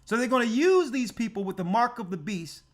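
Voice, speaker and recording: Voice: medium pitch, sing-song, fairly quick. A church elder preaching on prophecy, emphatic and full of rhetorical questions. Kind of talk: prophecy teaching sermon.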